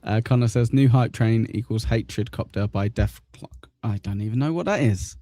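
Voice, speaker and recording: A man's voice: on the low side, moderate pace, dark tone, no echo. A man hosting a live stream, reacting sarcastically to a clip and swearing freely. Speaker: streamer host reacting to a video. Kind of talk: casual live-stream commentary.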